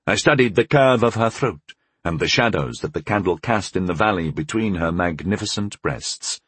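A man narrating a first-person fantasy audiobook in a measured, wry storytelling manner, close to the mic. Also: deep voice, a bit bright, breathy edge, no room sound.

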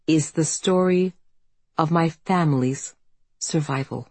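Low-voiced woman narrating her memoir. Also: darkish tone, no echo. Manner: measured, reflective storytelling. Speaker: author and narrator. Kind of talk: audiobook narration.

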